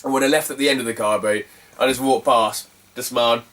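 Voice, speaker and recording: Bloke rambling on about car boots, loads of likes and ums, voice kinda far from the mic. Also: male voice, mid-range voice, fairly even intonation, a little fast, noisy background. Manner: chatty, sweary, full of fillers. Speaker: retro game collector vlogger. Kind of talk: casual storytelling.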